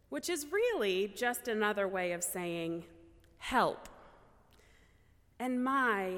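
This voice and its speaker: A woman pastor delivering a sermon in a slow, measured way, with reflective pauses. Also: medium pitch, fairly bright tone. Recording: church hall with long reverb.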